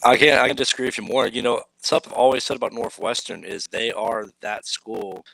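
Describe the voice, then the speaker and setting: A man co-hosting a sports podcast, giving steady, analytical breakdowns. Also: mid-range voice, a little fast, gravelly, no echo, rough recording. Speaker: podcast co-host. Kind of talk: casual sports podcast chat.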